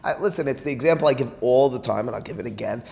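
A man teaching a Talmud class in an animated, emphatic way, with quick asides and rhetorical questions. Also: medium pitch, creaky. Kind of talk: classroom lecture.

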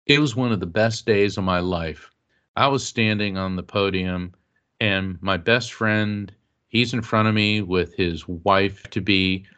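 Earnest low-voiced man telling a story. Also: fairly bright tone. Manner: earnest, emotional storyteller who acts out quotes. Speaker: psychic medium and author, interview guest. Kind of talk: personal storytelling in an interview.

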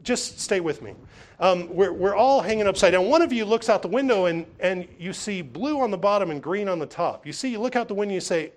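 High-voiced man preaching a sermon. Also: animated, brisk. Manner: emphatic, repetitive preaching with frequent restarts; acts out voices of others when telling stories. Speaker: pastor.

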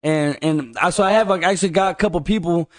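A man with a slightly raised pitch, bantering as a podcast co-host. His speech is slangy and profane, and he stumbles through restarts. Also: quick pace. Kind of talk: casual chat.

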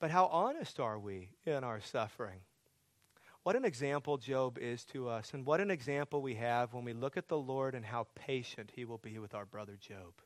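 A man's voice: mid-range voice, expressive, moderate pace, dry recording. A man preaching a sermon as pastor, earnest, building to pleading, emphatic questions.

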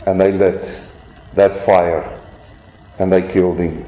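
A man's voice: deep voice, flat delivery, slow pace, mellow. A man preaching a sermon, telling stories dramatically and asking the congregation rhetorical questions. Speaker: pastor. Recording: echoey church room.

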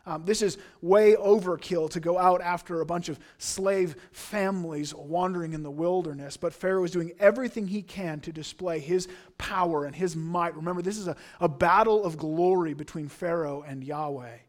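A man preaching a sermon in an earnest, emphatic way, swinging from hushed asides to loud declarations. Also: on the high side, normal speed, hardly any pauses. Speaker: pastor.

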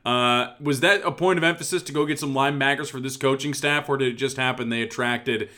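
Bright voiced guy hosting a sports podcast, jokey, pokes fun at himself. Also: medium pitch, a little fast. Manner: self-deprecating, joking. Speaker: podcast host. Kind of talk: casual sports podcast chat.

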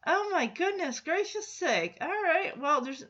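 Woman podcast host, casual solo chat, bright and excitable, lo-fi sound. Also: extremely high pitch, unhurried. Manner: chatty and excitable, with frequent laughs.

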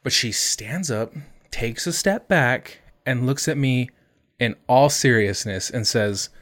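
A man telling an animated, sweary anecdote in casual podcast chat. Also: medium pitch, slow pace. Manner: animated, swearing, laughing, mimics others in quotes. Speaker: podcast host.

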